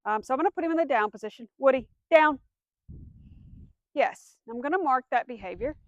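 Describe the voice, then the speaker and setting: A woman's voice: high voice, expressive, racing, dry recording, dull audio. A woman dog trainer explaining commands step by step, giving firm cues to a dog. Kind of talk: instructional demonstration.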